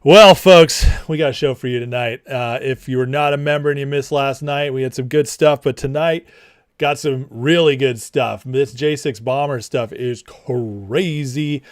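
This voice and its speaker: A man's voice: mid-range voice, normal speed, no echo, clean studio sound. A man hosting a casual political livestream, mocking and laughing often as he greets his chat by name. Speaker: livestream host.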